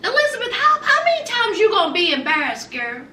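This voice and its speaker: A woman's voice: very high voice, sing-song, fairly quick, sharp tone, echoey room, distant mic, slight background noise. A woman giving a chatty, sassy recap of a reality show, talking straight to her viewers. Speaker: recap vlogger.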